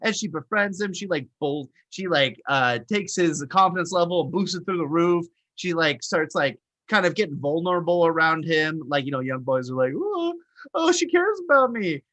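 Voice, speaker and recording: A man with a bright, forceful voice and a fairly high pitch talks in a casual chat. He recaps stories quickly and with animation. The sound is dry and close. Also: dry recording. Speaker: co-host.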